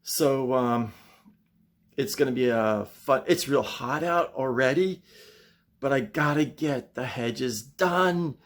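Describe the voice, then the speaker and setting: A middle-aged man talks slowly and unhurriedly to camera outdoors in a casual vlog, his pitch sitting in an ordinary middle range. He rambles, vents his frustration, then apologizes for it. The sound is plain and direct, recorded outside in his garden. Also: dry recording. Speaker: channel host.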